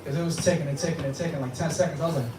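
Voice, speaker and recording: A man's voice: a little high, fairly even intonation, racing, a little mellow, far from the mic. Profane young man chatting on stage. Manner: profane, laid-back storytelling. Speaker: open mic performer. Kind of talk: casual stage banter. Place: bar with a live audience. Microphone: stage microphone. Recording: echoey room from off-mic, crowd noise.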